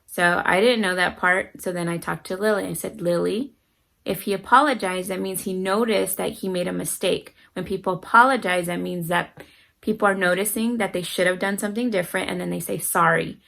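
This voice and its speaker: A woman's voice: fairly low pitch, brisk, gravelly, fairly bright tone, poor audio. A middle-aged mother talking casually to camera with parenting advice, earnestly acting out her children's voices as she tells stories. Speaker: parenting vlogger.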